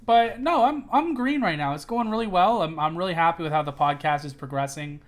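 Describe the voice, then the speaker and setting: Animated young man hosting a chat podcast. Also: fairly high pitch, a little fast. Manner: animated, repeats words, swears casually. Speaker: podcast host. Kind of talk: casual chat.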